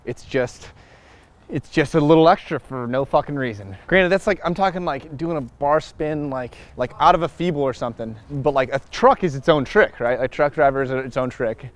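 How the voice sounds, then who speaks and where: Excitable, cursing man on a lapel mic. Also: medium pitch, normal speed. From Chicago, USA. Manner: excitable and profane, loud bursts, frequent laughs. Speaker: scooter rider interviewed on a filming day. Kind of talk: casual chat while filming. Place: outdoors on city streets.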